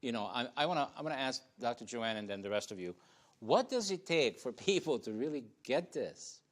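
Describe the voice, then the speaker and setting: A man speaking on a studio panel in a casual discussion, animated and laughing between phrases. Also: medium pitch, fairly quick.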